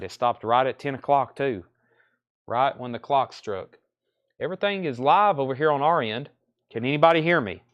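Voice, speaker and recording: A man's voice: medium pitch, fairly bright tone. Southern man calling a live record sale. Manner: brisk list-reading of prices, joking asides. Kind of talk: live-stream auction calling.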